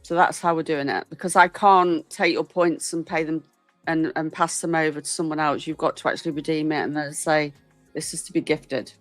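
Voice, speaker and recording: Middle aged british lady reading out chat on her stream, lowish voice, chatty. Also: fairly even intonation, brisk, no room sound, soft background music. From Britain. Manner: chatty, reads viewer messages aloud. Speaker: host. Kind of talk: casual live-stream chat.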